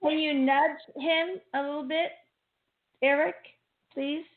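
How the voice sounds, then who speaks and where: Lady host on a call-in show, high voice, keeps cutting in, sounds like she's on the phone. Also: fairly even intonation, takes it slowly. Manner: eager, interrupting, pleading. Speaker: host and mother. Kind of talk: call-in radio hosting. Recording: phone-like narrow band.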